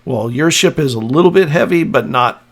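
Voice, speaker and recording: A man narrating as game master of a tabletop role-playing game, describing scenes with halting restarts. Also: mid-range voice, lively intonation.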